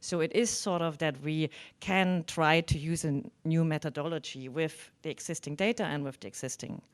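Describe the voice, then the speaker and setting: A woman's voice: low voice, normal speed. Woman professor. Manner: thoughtful, hedging with "sort of", frequent restarts. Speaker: professor giving a conference talk. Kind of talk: conference presentation.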